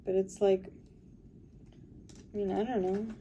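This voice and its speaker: A woman's voice: mid-range voice, level tone, measured pace, background noise. A young woman talking in a casual confessional vlog, rambling with lots of fillers and sounding tired while she sorts through her makeup and purse. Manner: rambling, filler-heavy, weary. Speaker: vlogger.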